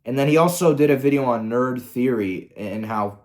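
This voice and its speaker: A man's voice: medium pitch, moderate pace, a little mellow. A man hosting a commentary video, ranting in an angry, profane, exasperated way. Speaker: commentary host.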